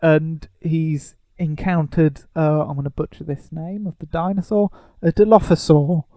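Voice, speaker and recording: A man's voice: on the high side, steady tone, a little slow, mellow, no room sound. A man co-hosting a casual podcast, sarcastic and mock-indignant. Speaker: podcast co-host.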